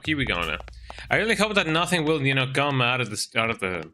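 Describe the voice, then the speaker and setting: A man's voice: medium pitch, big pitch swings, fast, bright, forceful tone, a little hiss or hum. A man streaming a game, chatting and joking as he plays, reading in-game text aloud and ending lines with "eh?". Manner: chatty, jokey, tags lines with "eh?". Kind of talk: let's-play commentary.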